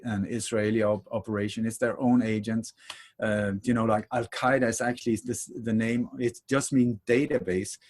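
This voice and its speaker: A man speaking as a podcast guest in a conversational interview, telling stories in a rambling, animated way with emphatic repetitions. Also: lowish voice.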